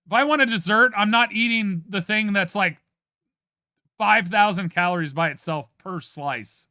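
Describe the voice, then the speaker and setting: A man's voice: high-pitched, normal speed, sharp tone, smooth, dry recording, studio quality. A man from Ohio chatting casually with his stream viewers, giving playfully dramatic opinions.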